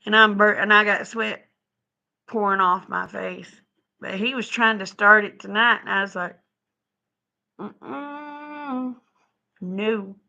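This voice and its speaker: A middle-aged woman chatting with her viewers on a live stream from home, folksy and quick to laugh. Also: mid-range voice, steady tone, vocal fry, pushed and bright, dull audio. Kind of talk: casual chat with viewers. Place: home, indoors.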